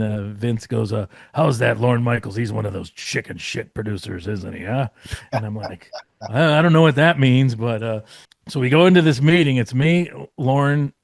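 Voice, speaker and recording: A man spins a loose, rambling backstage story, stuffed with "like" and "you know" and the odd curse. His voice sits at an ordinary middle pitch. The recording is dry and close, with no room sound. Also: darkish tone, no echo. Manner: rambling, many fillers and restarts, swearing. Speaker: guest writer. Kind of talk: casual storytelling.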